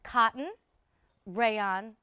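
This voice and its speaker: A woman's voice: on the high side, very slow, bright, forceful tone, clean tone, dry recording. A woman in her thirties hosting a live TV shopping show, chatty and gushing as she talks straight to viewers. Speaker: shopping channel host. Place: TV studio.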